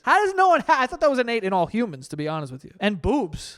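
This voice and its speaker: A man with a high, smooth voice hosts a comedic commentary. He reacts in an animated, incredulous way and swears freely. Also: fast talker, hardly any pauses. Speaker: host.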